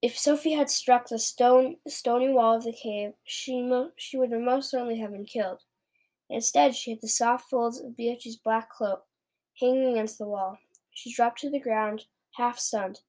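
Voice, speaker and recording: A woman reading a children's storybook aloud in a plain, steady manner. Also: fairly high pitch, normal speed, rough recording. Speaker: reader.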